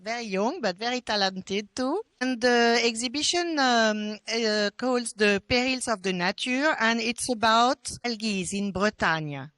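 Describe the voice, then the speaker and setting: A woman's voice: fairly high pitch, measured pace, hardly any pauses, a bit bright, smooth, dry recording. A woman with a French accent presenting a photo exhibition, hesitant and full of restarts. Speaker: exhibition curator. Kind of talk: exhibition guide talk.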